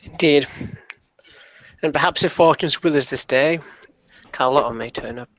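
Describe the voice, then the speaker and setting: Bright-voiced man playing a tabletop game. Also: mid-range voice, normal speed, dry recording. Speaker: player.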